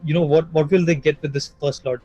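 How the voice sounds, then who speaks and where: A fairly high-voiced man calls a live esports match with quick, eager play-by-play and lots of "you know" fillers. Game music runs faintly beneath his voice. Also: fairly even intonation, mellow, dry recording, lo-fi sound. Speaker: esports caster.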